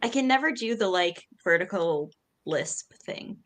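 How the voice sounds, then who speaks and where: Bright giggly woman co-host. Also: lowish voice, animated, unhurried. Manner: giggly, self-mocking. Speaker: podcast co-host. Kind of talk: casual chat.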